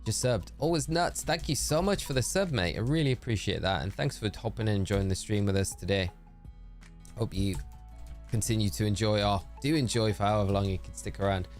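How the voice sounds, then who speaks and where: A man's voice: lowish voice, fairly quick, soft background music. A man chatting on a live stream, reading out viewer messages and thinking aloud. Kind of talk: casual live-stream chat.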